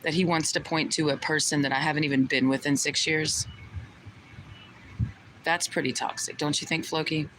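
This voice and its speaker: A woman's voice: deep voice, fairly even intonation, moderate pace, pauses often, poor audio. A young woman talking to her chat on a livestream, indignant and profane, firing the same rhetorical questions again and again. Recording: loud vehicle noise behind.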